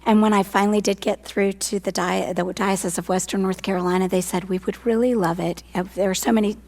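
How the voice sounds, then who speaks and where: Woman, hoarse, earnest church staffer, mid-pitched voice. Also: steady tone, a little fast, darkish tone. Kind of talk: church forum talk.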